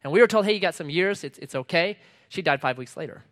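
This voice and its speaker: A middle-aged pastor delivers a sermon in a slightly higher-pitched man's voice. He punches out short lines with force, then drops low and soft for asides. Scripture he reads slowly and with weight. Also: animated. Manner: emphatic, swings between loud punchy lines and quiet low asides.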